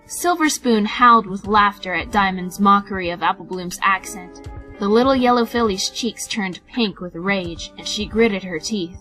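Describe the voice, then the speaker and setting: Bright-voiced woman narrating a storybook. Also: mid-range voice, moderate pace, soft background music, rough recording. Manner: animated, expressive reading. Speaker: fanfiction reader.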